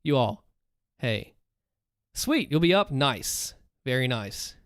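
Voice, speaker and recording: A man's voice: mid-range voice, sing-song, slow pace, fairly bright tone, smooth, dry recording, studio quality. Upbeat man chatting on a livestream. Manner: upbeat, chatty, talks to chat. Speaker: livestream host and story narrator. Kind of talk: casual livestream chat.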